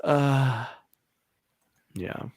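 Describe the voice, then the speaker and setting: Male podcast co-host, 30s, rambling anecdote teller, laughs a lot, mid pitch, dry close sound. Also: extremely slow, dry recording. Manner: rambling storytelling, laughs often. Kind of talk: casual chat.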